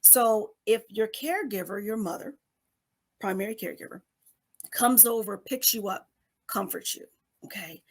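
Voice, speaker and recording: A woman's voice: mid-range voice, moderate pace, pauses often. A middle-aged woman on a podcast explaining a psychology topic in a conversational way, often checking in with "okay?" and acting out little scenes. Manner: acts out babies and parents in quoted voices.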